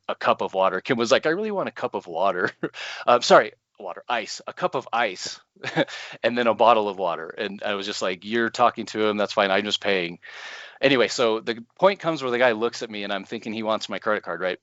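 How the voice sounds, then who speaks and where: Man telling a story with animated energy. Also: lowish voice, no room sound, muffled recording. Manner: animated, laughs often, acts out his own panic. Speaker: podcast co-host. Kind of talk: casual storytelling.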